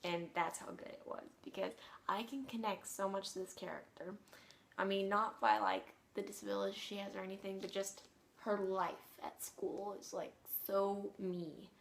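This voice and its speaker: A bubbly teenage girl rambling about her latest book haul. She gushes and trails off into fillers, her voice sitting at an ordinary middle pitch for a young woman. Casual, unscripted vlog chatter. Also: fairly even intonation, moderate pace, creaky, slight background noise. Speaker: book vlogger.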